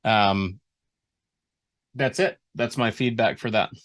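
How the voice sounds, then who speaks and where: In a relaxed critique call, a mentor talks through a writer's story chapter, rambling and starting sentences over as his thoughts form. He speaks slowly, with a fairly low pitch and a fairly bright tone.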